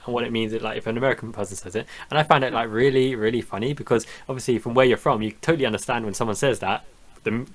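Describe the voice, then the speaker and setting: A man's voice: mid-range voice, fairly bright tone. A man from the UK, hosting a podcast in casual chat, talking at length and laughing often. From United Kingdom. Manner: chatty, laughs often, rambling explanations. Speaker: podcast host.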